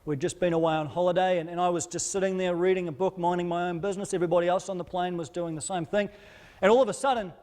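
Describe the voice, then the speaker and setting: A man's voice: high-pitched, steady tone, quick pace, a little mellow. A man preaching a sermon as pastor, in a conversational, informal way with frequent repeated words. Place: church auditorium.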